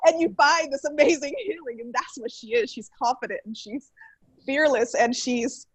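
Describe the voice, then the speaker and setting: A woman's voice: sits high, moderate pace, no echo. A woman sharing in an online group class, out of breath, effusive and laughing often, with some swearing. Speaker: class participant. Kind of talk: casual sharing in group call.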